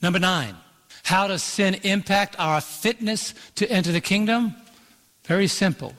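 This pastor keeps a measured pace, his voice a bit bright and a little on the high side. He preaches emphatically, lengthening scripture verses and asking the room for "Amen" while the church auditorium's long reverb rings around him.

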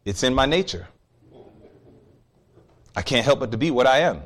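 Man doing a sly scheming scorpion, casual reassuring talk, lively lilt, storytelling in a sermon. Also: medium pitch, normal speed, natural voice. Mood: matter-of-fact.

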